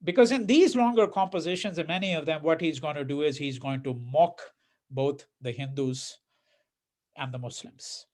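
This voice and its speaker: Fairly high in pitch and a bit mellow, this man lectures a university class at a moderate pace. His style is chatty, full of "right?" check-ins and repeated words, and he mocks the quoted verses as he acts them out.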